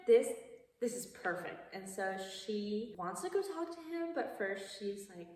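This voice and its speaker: A young woman casually retelling a film plot, chatty and amused, jumping into little voices for the characters. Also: measured pace. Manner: chatty, amused, acts out quotes with lively pitch jumps. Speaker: vlogger. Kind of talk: casual movie recap storytelling. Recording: roomy, echoey, from a distance.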